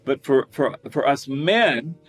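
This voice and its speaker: Lively male vocal coach. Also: slow pace, soft background music. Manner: animated, demonstrates with high falsetto whoops and laughs. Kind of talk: singing lesson with sung demonstrations.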